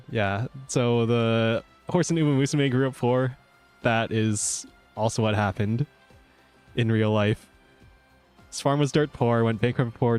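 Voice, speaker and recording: A man's voice: medium pitch, a little mellow. A man with an ordinary mid-range voice chats loosely on a game stream, piling up fillers and laughing as he goes. Faint game music hums in the background. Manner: rambling, filler-heavy, laughs easily. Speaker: VTuber streamer. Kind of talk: casual gaming stream chat.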